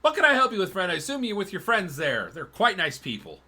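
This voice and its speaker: A man's voice: high-pitched, huge pitch swings, quick pace, sharp tone, pitched above the performer's own voice, full character voice. A man voicing a friendly, eager male tanner selling belts and pouches in a tabletop game. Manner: friendly, salesman-like.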